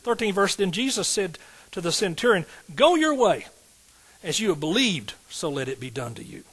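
A middle-aged man preaching a sermon from the pulpit. His voice sits a little high for a man, and he drives his points hard, calling out to the congregation and swelling into sudden bursts. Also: lively intonation, brisk, a bit bright, breathy edge, rough recording. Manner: emphatic, call-and-response preaching with rising outbursts. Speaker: pastor.

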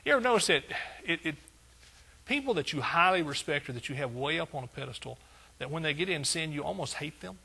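A man's voice: on the high side, lively intonation, fast talker, gravelly, bright, forceful tone, husky. A male pastor preaching a conversational sermon, asking his congregation rhetorical questions.

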